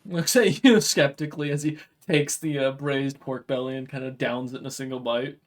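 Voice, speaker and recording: A man running a tabletop game session. He narrates in a relaxed, chatty way. His sentences are loose and full of fillers. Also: mid-range voice, moderate pace. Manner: casual, filler-heavy narration. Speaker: game master.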